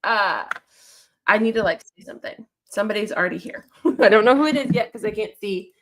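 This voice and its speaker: A woman's voice: mid-range voice, fast, a bit bright. A woman hosting a football call-in livestream, chatting casually with an upbeat, talkative manner and frequent repeated phrases. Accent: non-standard accent, remarked on by a viewer.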